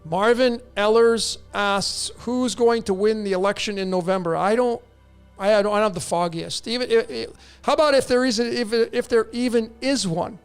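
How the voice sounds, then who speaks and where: A man talks through listener questions in a loose, rambling way, full of restarts. His voice sits high and stays smooth and resonant, with some gravel in it. Faint music plays underneath. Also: moderate pace. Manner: rambling, animated, with restarts and laughs. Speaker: host answering listener questions. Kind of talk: casual monologue. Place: in Mexico.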